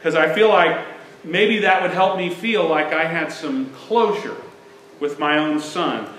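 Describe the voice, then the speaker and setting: A man voicing a tearful, wistful elderly mother with a soft, hushed, pleading way of speaking. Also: fairly high pitch, a little slow, slight background noise. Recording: echoey church sanctuary.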